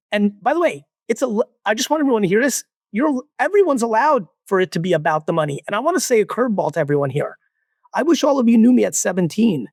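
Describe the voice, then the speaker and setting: A man in his forties, born in Russia, talking as a guest entrepreneur in a blunt, profane, animated way. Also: high-pitched, gravelly, no room sound, studio quality. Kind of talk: casual interview talk.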